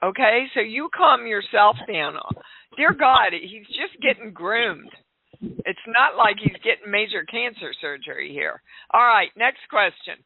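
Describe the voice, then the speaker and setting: Gravelly-voiced woman hosting call-in radio. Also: mid-range voice, lively intonation, unhurried, dry recording. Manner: chatty and direct, gently scolding callers. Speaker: radio show host. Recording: dry, phone-like narrow sound.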